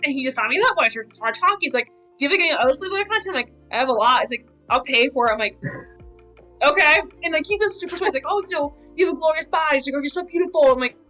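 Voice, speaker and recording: Woman cosplayer, fast and bright, chatty filler-heavy storyteller, faint music underneath. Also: high-pitched, animated, poor audio. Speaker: cosplayer guest. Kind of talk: casual podcast chat.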